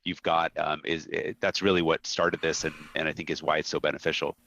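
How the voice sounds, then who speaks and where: A man's voice: rumbling low, little pitch movement, brisk, vocal fry, pushed and bright, lo-fi sound, slight background noise. A man who owns a camp, talking through ideas in a casual podcast conversation and laughing easily. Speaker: camp owner, podcast co-host.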